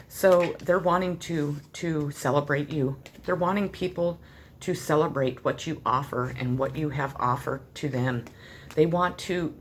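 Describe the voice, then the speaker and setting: Woman, tarot reading, deep voice, earnest and rambling, faint hum in the background. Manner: earnest, heartfelt, loose and rambling with many fillers. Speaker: tarot reader. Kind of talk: tarot card reading addressed to the viewer.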